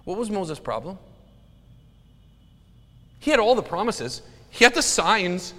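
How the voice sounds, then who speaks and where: A man's voice: sits high, very animated, unhurried, fairly bright tone, big-room sound. A man preaching a sermon as a pastor, earnest and emphatic.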